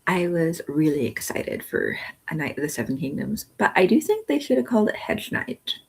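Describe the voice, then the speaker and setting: A woman's voice: lowish voice, sing-song, moderate pace, vocal fry, slightly rough. A woman hosting a live book club stream, rambling casually about a TV episode and thinking aloud with lots of ums.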